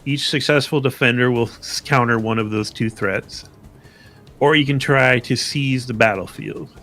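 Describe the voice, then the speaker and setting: A man narrating and explaining the rules as game master of a tabletop game, unhurried, with fillers and restarts. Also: mid-range voice, sharp tone.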